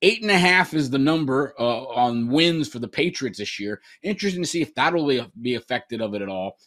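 A man on a sports talk panel, animated, with hesitant restarts. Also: mid-range voice, a little fast.

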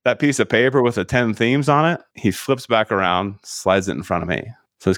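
A middle-aged man with a fairly low voice, guesting on a podcast as a coach. He tells his story with energy, acting out each side of the conversation. The sound is dry and close, with no room echo. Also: fairly quick. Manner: animated storyteller acting out dialogue. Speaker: guest, sales leadership coach.

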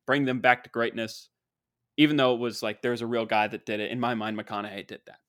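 A young man in his twenties, hosting a show with an excitable, rambling, joking comedic monologue. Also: mid-range voice, a little fast, dry recording, studio quality. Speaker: show host.

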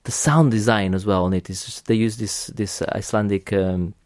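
A man's voice: lowish voice, steady tone, normal speed, darkish tone, no room sound, studio quality. A man hosting a podcast in casual chat, talking enthusiastically with many restarts and casual swearing. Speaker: podcast host.

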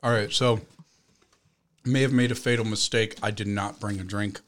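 A man's voice: lowish voice, fairly even intonation, normal speed. Profane, joking livestream host guy. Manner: joking, profane, eats while talking. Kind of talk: casual livestream chat.

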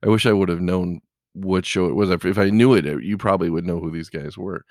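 A man's voice: sits low, steady tone, a little fast, no room sound, clean studio sound. A middle-aged man, a truck driver, chatting casually and telling rambling stories full of "you know". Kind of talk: casual chat.

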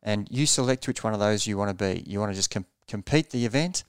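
Smooth low-voiced coach explaining. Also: male voice, fast, no echo, studio quality. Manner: earnest, explanatory, repeats words as he thinks. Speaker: triathlon coach. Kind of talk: podcast interview answers.

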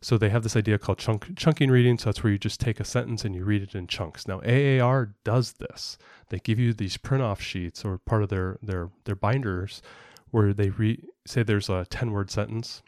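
A man's voice: on the low side, normal speed, hardly any pauses, darkish tone, no echo, studio quality. A man co-hosting a casual podcast, explaining at length in a rambling way with frequent fillers and restarts. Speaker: podcast co-host and parent.

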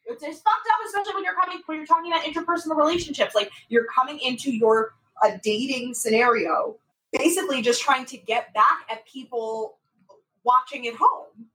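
A woman co-hosting a podcast, recapping a reality show in casual, profane, animated chat full of "like"s. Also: high voice, brisk, poor audio. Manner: animated, profane storytelling with many "like"s.

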